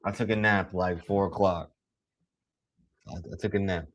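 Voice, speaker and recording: A young man giving casual live play-by-play commentary, excitable and teasing, full of slang. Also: low-pitched, moderate pace.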